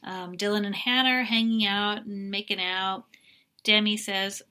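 A woman's voice: medium pitch, moderate pace, sharp tone. A middle-aged woman co-hosting a podcast, chatting casually and giving opinionated recaps read from her notes. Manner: chatty, opinionated, reads from notes, bursts into dramatic impressions. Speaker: podcast co-host recapping a reality show. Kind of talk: casual chat.

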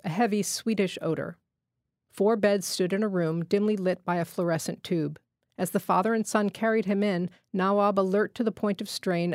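A woman reading a literary short story aloud in a measured, steady way at a studio microphone. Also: mid-range voice, dry recording. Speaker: guest reader.

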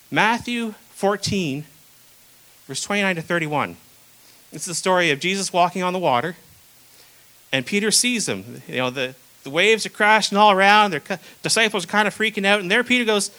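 A young man delivers a sermon in a relaxed, conversational way, slipping into the voices of the people in his stories. His voice sits high and sounds bright. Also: fairly quick, rough recording. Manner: casual, conversational preaching with acted-out quotes. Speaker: preacher.

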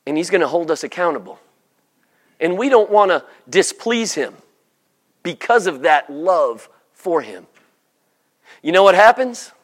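A man preaching a sermon, animated, slipping into mock voices for the people he describes. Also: high voice, unhurried, pauses often.

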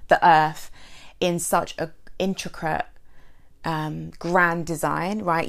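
Woman, podcast host, coach, emotional, rambling, fillers, vocal fry. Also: on the low side. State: sore throat lately. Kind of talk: unscripted solo podcast.

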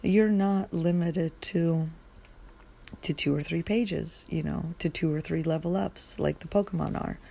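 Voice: mid-range voice, a little slow, creaky, darkish tone. A podcast host rambling through a casual solo monologue, just woken up and groggy, swearing freely and losing the thread.

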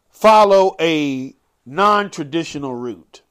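A man with a high voice hosts his podcast in a loose, casual monologue. He takes his time overall, stretching key phrases out slowly and punching them hard, then rushing through little asides. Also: expressive. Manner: dramatic, swings from quick asides to slow drawn-out emphatic phrases. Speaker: podcast host.

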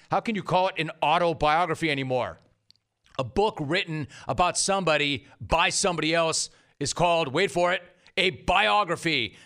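A man's voice: fairly high pitch, sharp tone. Sarcastic sports radio host, man. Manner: sarcastic, emphatic, repeats punchlines. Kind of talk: sports talk monologue.

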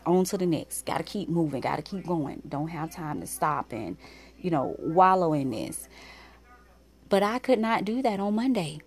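A woman talking openly and heartfelt in a casual spiritual vlog, reading oracle cards for her viewers. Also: fairly low pitch. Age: adult mother of school-age kids. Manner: open, heartfelt, conversational. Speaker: oracle card reader.

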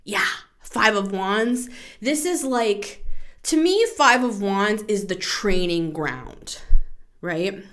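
A woman's voice: medium pitch, slow. Woman in her 30s doing a laid-back tarot reading, chatty, laughs a lot, swears casually. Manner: animated, shifts into playful voices. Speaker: tarot podcast host.

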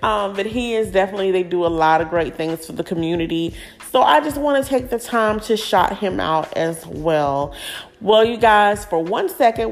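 A woman hosting a casual podcast, giving effusive, gushing shout-outs to family members. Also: medium pitch. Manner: warm, effusive, gushing praise. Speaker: podcast host.

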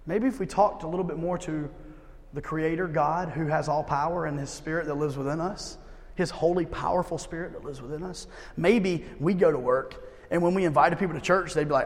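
A man's voice: on the high side, fairly quick. Man preaching in a reverberant gym. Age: 30s. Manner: conversational, swings between loud emphasis and hushed pleading. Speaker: pastor. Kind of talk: sermon. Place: church service held in a gym.

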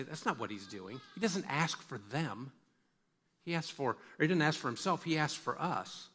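A man's voice: fairly high pitch, sing-song, normal speed, a bit bright, breathy edge. A male pastor preaching a sermon in an emphatic way, repeating words for stress and putting questions straight to his listeners. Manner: asks listeners direct questions.

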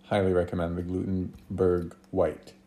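A man's voice: low-pitched, level tone, normal speed, mellow. A man co-hosting a podcast, chatting casually and thinking aloud with some hesitation as he tastes beer. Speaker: podcast co-host. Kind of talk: casual chat, beer tasting. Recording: echoey room.

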